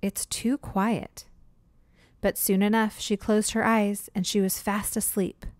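Storybook reader, woman, expressive; dry close sound. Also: mid-range voice, moderate pace, no room sound. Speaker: read-aloud narrator. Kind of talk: children's storybook reading.

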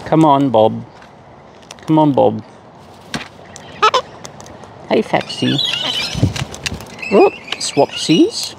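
A man's voice: mid-range voice, huge pitch swings, extremely slow, vocal fry, pauses often. A man talking playfully to wild cockatoos outdoors, in a teasing baby-talk way. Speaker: bird feeder vlogger. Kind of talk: casual chat to wild birds. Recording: noisy outdoor recording. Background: birds and outdoor noise.

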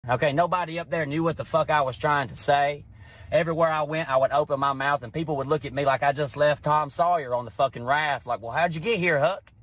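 A Southern-accented man from Alabama rants to camera with profane exasperation. His voice is slightly high and husky, recorded close and dry. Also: fairly even intonation, fast talker, fairly bright tone, no echo. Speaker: comedian. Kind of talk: comedic rant to camera.

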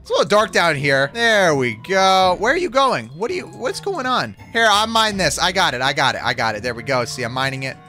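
Brief: young male gaming host, high-ish and animated, jokey reactions. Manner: excitable, jokey, quick reactions. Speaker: gaming YouTuber. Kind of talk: Minecraft gameplay commentary. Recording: faint music behind the voice.

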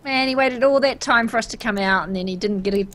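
A woman playing a survival game with a friend, playful and excitable, laughing often. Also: on the high side, fast talker. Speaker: co-player. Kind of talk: casual gaming chat.

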